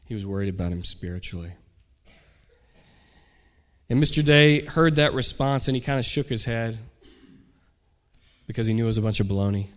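A man's voice: fairly low pitch, normal speed, long pauses. A man, a pastor, telling a story during a sermon and acting out the people in it. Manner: animated storyteller, acts out shouted quotes.

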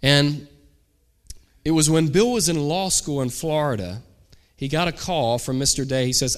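During a sermon, a pastor tells a story and plays the people in it, shouting out their quotes with animation. His voice is a little high and moves at normal speed.

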